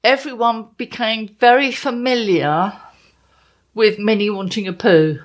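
A woman co-hosting a podcast in relaxed chat, mixing jokes with serious moments. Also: fairly high pitch, measured pace. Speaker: podcast co-host. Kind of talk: casual chat.

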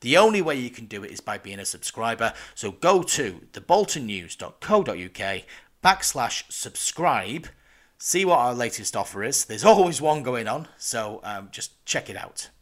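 A man's voice: mid-range voice, big pitch swings, moderate pace, a bit bright. Jokey rambling podcast host, man. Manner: jokey, rambling, self-deprecating. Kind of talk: casual podcast chat.

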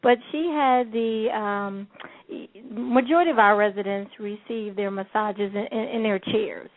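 A woman's voice: medium pitch, unhurried, no room sound. A woman telling funny stories in a casual interview, laughing as she talks. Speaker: guest, care program founder. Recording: tinny phone line.

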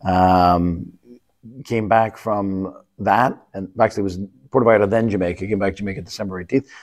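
Low-voiced rambling male co-host. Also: steady tone, a little fast, darkish tone. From Canada. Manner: rambling, restarts often, travel anecdotes. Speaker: podcast co-host. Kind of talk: casual chat.

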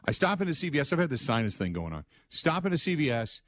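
A middle-aged man hosting a sports radio show, telling stories in an excitable, conversational way and acting out other people's lines. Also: fairly high pitch, fast, dry recording. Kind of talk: animated storytelling monologue.

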